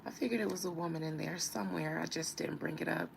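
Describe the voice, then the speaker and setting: Woman, live-stream reader, casual chat, answering comments, gravelly. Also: low-pitched, fast talker, slight background noise, low-quality recording. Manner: chatty, teasing, answers viewer comments.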